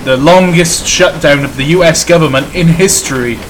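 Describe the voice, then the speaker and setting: A man's voice: a little high, moderate pace, poor audio. Welsh man streaming a train game; joking, chatty, noticeable background noise. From Wales. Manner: jokey, chatty, commentating on the game. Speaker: livestream host playing a train simulator. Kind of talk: casual gaming chat.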